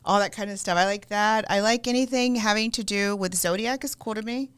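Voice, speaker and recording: Middle-aged female psychic, earnest and reassuring, smooth clear voice, studio podcast. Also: medium pitch, a little fast. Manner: warm, earnest, reassuring about intuition. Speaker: psychic card reader, podcast guest. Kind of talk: casual podcast chat. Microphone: studio microphone.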